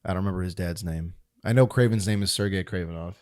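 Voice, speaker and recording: A man's voice: deep voice, fast talker, a little mellow. A man co-hosting a film podcast, talking casually and opinionatedly, swearing and laughing now and then. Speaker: podcast co-host. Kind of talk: casual chat.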